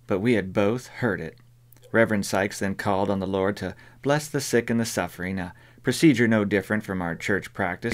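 A man reads a novel aloud as an audiobook narrator, with a measured, even delivery. His voice sits on the low side. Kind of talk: scripted narration.

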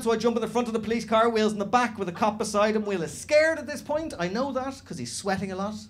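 A man doing animated stand-up storytelling on a comedy club stage, slipping into other people's voices. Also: high voice, fast, few pauses. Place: comedy club stage before a live audience. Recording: live room with audience laughter.

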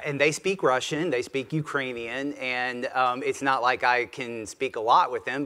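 Southern man, 50s, retired general, keynote, chatty and self-deprecating, bright forceful tone. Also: medium pitch, clean tone. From Mississippi, US. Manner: conversational, animated, self-deprecating. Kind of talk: conference keynote speech.

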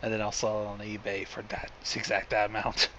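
A man's voice: lowish voice, monotone, a little fast, a crowd in the background. A man hosting a riff on a film, in casual, profane and sardonic commentary. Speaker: host riffing on a film.

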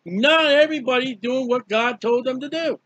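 A man's voice: very high-pitched, moderate pace, a bit bright, dry recording. A man preaching a fervent, emphatic Bible study sermon, repeating key phrases. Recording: dull lo-fi dry recording.

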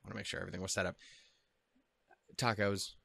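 Low-voiced man swearing through anime reactions. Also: flat delivery, fast talker, gravelly, fairly bright tone, no echo. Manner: profane, self-deprecating, easily flustered. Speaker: anime reaction video host. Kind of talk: casual rambling commentary.

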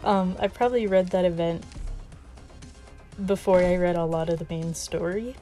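A woman gamer rambling in easy, casual chat, often giggling and a little out of breath. Her voice is mellow and soft-edged, with faint game music in the background. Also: fairly low pitch, normal speed. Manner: says she always sounds out of breath. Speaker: gaming video creator.

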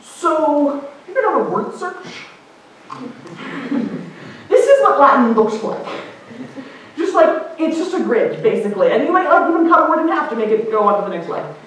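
A woman linguist giving a casual public lecture, chatty and animated, putting on higher voices for the people she quotes. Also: normal speed, long pauses, slight background noise. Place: lecture hall. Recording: echoey hall from far off.

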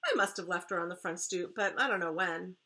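A woman's voice: lowish voice, a little fast, sharp tone. A woman voicing a matter-of-fact older sister in a read-aloud storybook. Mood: offhand.

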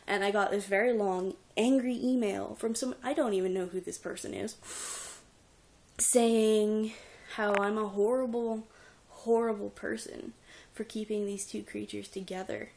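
A woman's voice: mid-range voice, moderate pace, gravelly, a little mellow. A young woman who runs a reptile rescue, venting at home into a handheld camera in a frustrated, rambling and tearful way. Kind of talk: emotional personal vlog. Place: at home indoors. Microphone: handheld camera at arm's length.

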